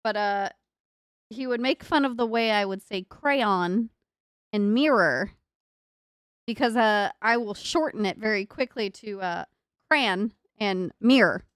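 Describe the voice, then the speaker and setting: A woman's voice: medium pitch, normal speed, clear, resonant tone, dry recording, studio quality. A young woman chatting casually on a live stream from her computer desk, giggling often, with a northern US accent tinged by a Southern drawl. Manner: giggly, laughs often, rambling self-talk. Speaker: livestreamer. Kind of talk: casual live-stream chat while building.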